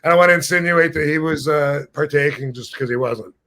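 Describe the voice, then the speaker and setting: Fifties guy rambling thru a story on his podcast, kinda high voice, animated. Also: fairly quick. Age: 50s. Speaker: podcast host. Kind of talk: casual storytelling.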